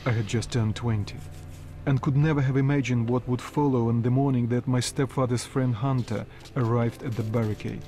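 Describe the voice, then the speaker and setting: An actor narrating a video game as a young man recalling his home, reflective and measured. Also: mid-range voice, fairly even intonation, dark tone, natural voice. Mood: somber. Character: young adult male narrator looking back.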